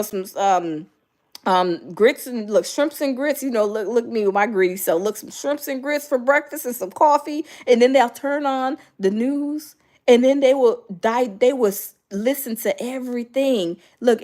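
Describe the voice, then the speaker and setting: A middle-aged woman hosting a casual chat with live viewers, talking in an animated way, acting out other people's voices, with lots of fillers. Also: fairly high pitch, normal speed. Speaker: host.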